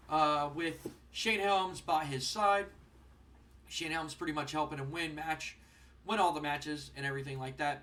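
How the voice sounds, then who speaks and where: A man with a high voice narrating a wrestling sim playthrough in a relaxed, rambling way. He sounds a little distant from his microphone. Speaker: game let's player. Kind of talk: let's play commentary narrating a wrestling sim. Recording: voice distant from the mic.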